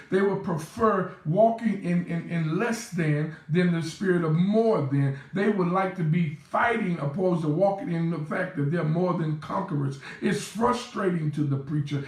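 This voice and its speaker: A man preaching a sermon, building through repetition and rising into shouts. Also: high-pitched. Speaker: pastor. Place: church sanctuary. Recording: echoey church with faint room noise.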